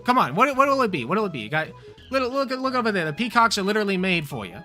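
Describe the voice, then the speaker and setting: A man's voice: sits high, big pitch swings, racing, faint music behind, voice pushed up, heavily acted. A man voicing God as a pushy, crude, overeager male deity in a livestream stand-up bit. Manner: loud, hyped salesman patter with swearing.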